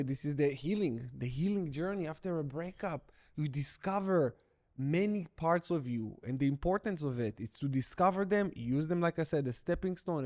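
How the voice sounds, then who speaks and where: A middle-aged man speaking straight to the camera as a breakup recovery coach. His voice sits a little higher than most men's. He talks bluntly and with emphasis, hammering key phrases over and over. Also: a little mellow. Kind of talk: direct-to-camera coaching talk.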